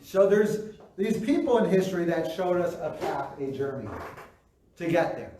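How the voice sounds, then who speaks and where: Pastor, male, chatty preacher who acts out reactions; fairly high-pitched, recorded far off in a very reverberant hall. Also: expressive, moderate pace, dark tone, a little hiss or hum. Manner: conversational, acts out quoted reactions, frequent "right?". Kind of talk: sermon. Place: church sanctuary.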